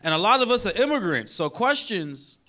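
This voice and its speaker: A man in his thirties from New York, with a New York accent, doing an animated stand-up set and acting out the people he quotes. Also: high voice, fairly quick. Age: 30s. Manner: animated, acts out quoted characters in loud bursts. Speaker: stand-up comedian. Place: comedy show with live audience. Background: audience laughter.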